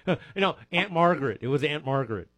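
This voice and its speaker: A man's voice: a little high, expressive, brisk, fairly bright tone, dry recording. A man hosting a local radio swap show, chatting casually and joking with callers. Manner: joking, chuckling, rambling.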